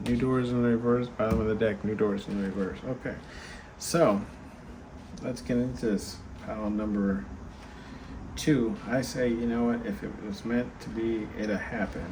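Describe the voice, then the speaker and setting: A tired man hosting a casual tarot card reading, chatting straight to viewers with lots of fillers. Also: fairly low pitch. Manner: chatty, many fillers, talks to viewers directly. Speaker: tarot card reader and channel host. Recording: steady background noise.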